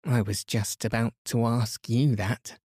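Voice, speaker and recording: A man voicing a gentle, matter-of-fact young girl in a bedtime storybook reading. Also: mid-range voice, fairly even intonation, a little slow, breathy edge, no room sound, clean studio sound. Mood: calm.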